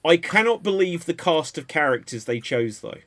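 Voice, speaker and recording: A man hosting a live panel show, chatting casually about TV in an animated, rambling way that turns mocking. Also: a little high, moderate pace, noisy background. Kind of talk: casual pop-culture chat.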